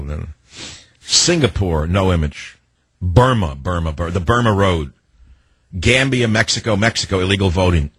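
Older male talk host, low husky voice, sardonic and rambling, dry booth sound. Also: fairly bright tone, dry recording. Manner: rambling, sardonic, free-associating. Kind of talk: opinionated talk radio monologue.

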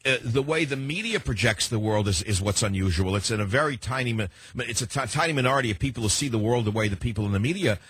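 A man's voice: medium pitch, animated, fast talker, hardly any pauses, a bit bright, husky, no room sound. An older man with a New York accent, hosting a radio talk show in a combative, rambling way and often repeating himself. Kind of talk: opinionated talk radio monologue.

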